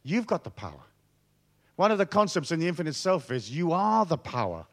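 A theatrical man gives a motivational talk full of swearing and swagger. His voice sits a bit higher than most men's and swings widely in pitch. He often sinks into a hushed, low murmur for effect. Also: sing-song, brisk. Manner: swaggering, profane, theatrical storyteller; drops to hushed, low tones for emphasis. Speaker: motivational speaker. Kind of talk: storytelling talk to an audience.

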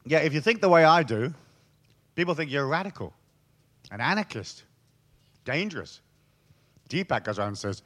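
A man's voice: fairly high pitch, expressive, moderate pace, pauses often, fairly bright tone. A middle-aged man, a spiritual speaker joking with a live audience in a profane, storytelling way. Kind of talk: irreverent talk to a live audience.

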